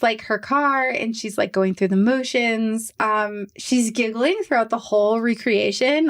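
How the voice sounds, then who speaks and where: A woman hosting a podcast, telling a true crime story in a casual, animated way with quick asides. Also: medium pitch, gravelly.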